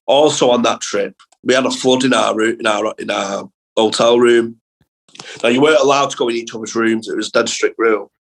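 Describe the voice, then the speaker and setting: A young man from England, a comedian guest telling sweary, animated school anecdotes in casual podcast chat. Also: mid-range voice, poor audio.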